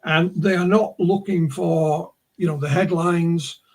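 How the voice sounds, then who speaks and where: A man's voice: fairly high pitch, fairly even intonation, unhurried. A man with a Yorkshire accent, a guest on a video call, telling stories in a rambling way with many restarts. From Yorkshire, England. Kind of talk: casual conversation, storytelling.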